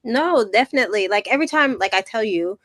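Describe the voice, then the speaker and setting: A woman's voice: a little high, lively intonation, quick pace, fairly bright tone, no room sound. Upbeat young Canadian woman hosting. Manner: upbeat, enthusiastic, supportive. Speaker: podcast host. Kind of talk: casual interview chat.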